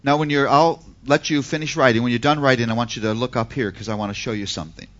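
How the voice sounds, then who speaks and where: A man giving a seminar lecture on Christian parenting to a class, emphatic and animated, with pointed rhetorical questions. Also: medium pitch, fast talker, highs cut off.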